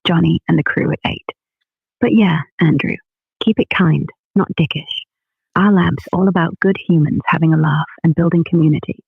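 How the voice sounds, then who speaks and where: A synthetic woman's voice with a northern English lilt chats in breezy, slangy British banter. Her tone is gravelly and a little husky. It comes through a dry, tinny, phone-like line. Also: fairly low pitch, dry recording. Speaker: AI co-host. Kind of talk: cheerful synthetic chat sign-off.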